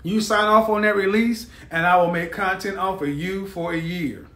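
A man's voice: high-pitched, steady tone, normal speed, sharp tone, roomy sound. Blunt, mocking male live-stream host.

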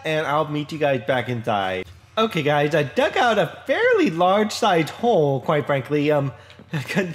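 Chatty man narrating his gameplay. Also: on the high side. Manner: chatty, rambling, self-deprecating, frequent fillers and restarts. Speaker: Minecraft let's play host. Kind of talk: casual gameplay commentary.

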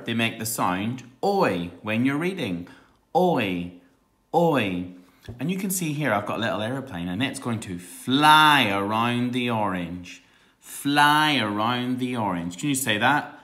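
A man teaching a phonics lesson to young children, slowly sounding out words and breaking into excited shouts on the answers. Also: on the low side, echoey room.

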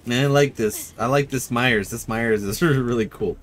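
A man's voice: mid-range voice, moderate pace. A man streaming a game live, chatting with friends, often yelping and laughing. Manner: excitable, yelps and laughs often. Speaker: gaming streamer.

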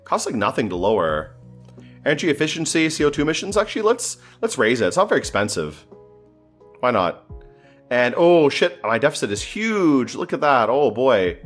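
A man's voice: medium pitch, sing-song, normal speed, faint music behind. A man thinking aloud as he plays a strategy game, often exasperated and swearing. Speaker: gameplay commentator. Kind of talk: casual gameplay commentary.

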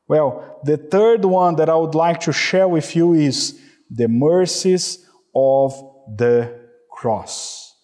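A man's voice: on the high side, darkish tone. A man preaching a sermon as a pastor, earnest and emphatic, often saying "you know" and calling out "hallelujah".

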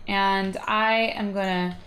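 A chatty woman gives casual commentary while she plays a video game. She rambles and giggles, and her voice sits at an ordinary middle pitch. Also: fairly even intonation, slow pace, fairly bright tone. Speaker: gaming video host.

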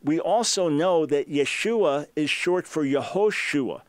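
A man's voice: fairly high pitch, lively intonation, slow pace, dry recording. Emphatic man explaining scholarship, dry sound. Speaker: radio talk show host. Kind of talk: answering a listener's question.

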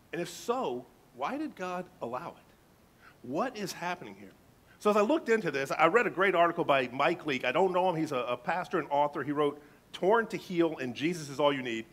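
A man's voice: on the high side, expressive, normal speed, fairly bright tone. A male pastor preaching a sermon, reading scripture emphatically and dramatically.

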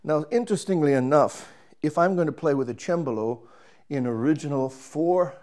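A man's voice: a little high, normal speed, a little mellow, soft background music. Man casually demonstrating his trumpet. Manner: explains while handling gear, thinks aloud with restarts.

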